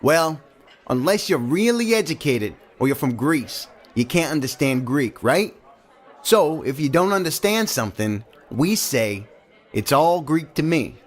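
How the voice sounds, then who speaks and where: Man doing a gruff, nosy diner cook. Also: fairly high pitch, sing-song, unhurried. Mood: nosy chatty. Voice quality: gruff, chatty.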